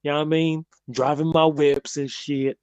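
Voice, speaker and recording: A man's voice: fairly high pitch, level tone, moderate pace, darkish tone, clean tone, no room sound, dull audio. A man with a British accent hosting a call-in live stream, swearing and joking in rowdy banter. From England. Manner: profane, joking, mock-aggressive.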